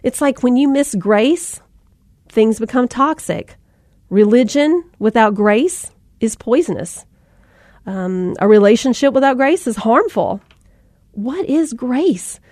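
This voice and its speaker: A woman's voice: fairly high pitch, expressive, slow, a little mellow, dry recording, studio quality. A woman in her thirties giving a folksy Christian talk to mothers, in a conversational style with asides and fillers. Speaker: Christian speaker. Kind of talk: faith-based talk to mothers.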